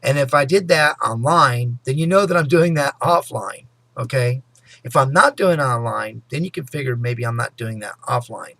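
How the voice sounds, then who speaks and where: A man vlogging a rambling personal story to his viewers, full of "you know" and "anyway," sometimes fast and loud. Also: medium pitch, no room sound. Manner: talks fast and loud at times. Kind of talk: casual personal storytelling to camera.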